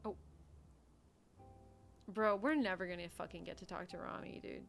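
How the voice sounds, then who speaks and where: With a fairly low pitch and some vocal fry, a young woman talks at a moderate pace as she streams a roleplay game. Her casual chatter, frequent giggles, and self-directed muttering cover both gaming talk and in-character roleplay, with faint music behind her.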